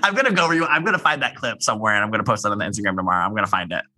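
A man's voice: on the low side, very fast, sharp tone. A young man co-hosting a podcast, gossiping animatedly with many filler words. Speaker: podcast co-host. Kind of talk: casual chat.

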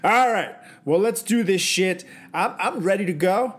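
A man in his thirties co-hosting a podcast in casual, crude, joking chat, now and then dropping into a low put-on voice. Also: a little slow, fairly bright tone, slightly rough. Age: 30s. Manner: goofy, crude, drops into a low joke voice. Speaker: podcast co-host.

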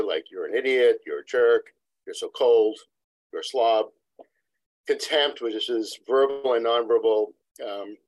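Man, couple therapist, interview guest, lecturing, digressive, mid pitch, dry close sound. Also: no room sound, low-quality recording. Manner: lecturing, digressive, acts out quotes. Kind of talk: expert explaining in a podcast interview. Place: New York City practice.

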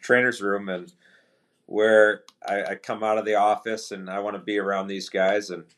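A middle-aged man with a fairly low voice talks as a guest on a podcast. He tells his stories in a relaxed, chatty way, slipping into the voices of the people he quotes. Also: moderate pace. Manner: relaxed anecdotal storytelling, acts out quoted dialogue. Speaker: guest, retired hockey player. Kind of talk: casual storytelling interview.

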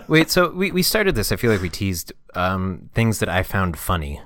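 A man's voice: sits low, very animated, moderate pace, a bit bright, dry recording. A man in his thirties co-hosting a comedy podcast, making dry, teasing remarks and setting up pun jokes. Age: 30s. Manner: dry, teasing, sets up joke puns. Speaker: podcast co-host. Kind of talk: casual comedic movie review chat.

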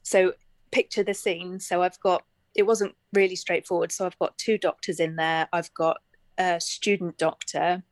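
A woman's voice: lowish voice, steady tone, normal speed, no room sound. A woman from Bristol, telling a personal anecdote in a chatty way and laughing often. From Bristol, England. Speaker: guest telling a story. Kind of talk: casual anecdote.

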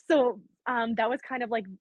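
A woman's voice: a little high, no room sound. A young woman from Canada with a light Canadian accent, a guest in casual chat, saying "like" a lot. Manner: casual, heavy use of "like", quotes herself. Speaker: podcast guest, athlete.

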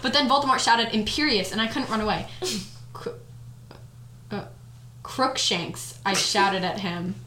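A woman's voice: mid-range voice, expressive, normal speed, long pauses, sharp tone, a little hiss or hum. Giggly young woman reading aloud, roomy. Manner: giggly, mock-dramatic reading with frequent laughs. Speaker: podcast co-host. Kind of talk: casual chat, reading a fanfic aloud. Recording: echoey room on a home mic.

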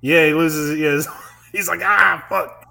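A man's voice: on the high side, level tone, normal speed, creaky, pushed and bright, a little hiss or hum. A young man hosting a podcast, chatting casually, rambling and laughing often, with lots of swearing. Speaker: podcast host. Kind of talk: casual chat.

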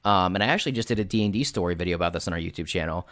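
Male co-host, low voice, loose rambling talker, dry close sound. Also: very fast, fairly bright tone, dry recording. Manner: rambling, swears casually, acts out quotes in put-on voices. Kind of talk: casual chat about tabletop role-playing.

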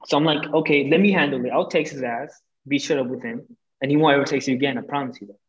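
A young man, a podcast guest, telling a breakup story in casual chat, animated and full of swearing, acting out what people said. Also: mid-range voice, quick pace, dull audio. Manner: animated, profane, acts out quoted lines.

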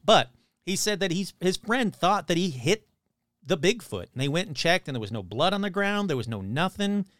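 A man with a slightly higher voice retells a story he heard, casual and animated. He jumps into the voices of the people in it and swears without a second thought. The recording is close and dry, with no room sound. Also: normal speed, no room sound.

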